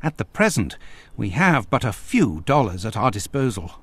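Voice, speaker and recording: An actor playing Dr. Watson, an eager, formal English gentleman in a game. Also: medium pitch, normal speed, husky, exaggerated voice. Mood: enthusiastic. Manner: lively, formal, upbeat. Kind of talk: game voice acting.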